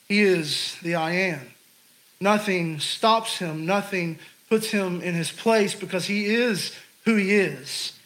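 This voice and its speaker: A man with a high-pitched voice delivers a sermon. He tells a story and slows down on phrases he wants to stress. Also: a bit bright, low-quality recording. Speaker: preacher.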